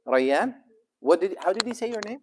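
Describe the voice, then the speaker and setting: A man's voice: high voice, sing-song, moderate pace, noisy background. A middle-aged man, a sheikh, chatting casually and jokingly with teenagers in a mosque youth program. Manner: easygoing and joking. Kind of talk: casual chat with teens.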